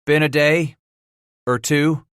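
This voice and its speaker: A man's voice: fairly high pitch, steady tone, slow pace, fairly bright tone, clear, resonant tone, no echo, studio quality, voice pushed up. A man voicing a hungry, shy runaway boy who stammers eagerly. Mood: earnest.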